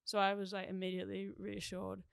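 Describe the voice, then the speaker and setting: A young woman with a New Zealand accent, chatting excitedly as a podcast guest, laughing often and saying "like" a lot. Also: mid-range voice, a little fast, vocal fry, clear, resonant tone, no room sound, clean studio sound. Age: young adult. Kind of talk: casual chat.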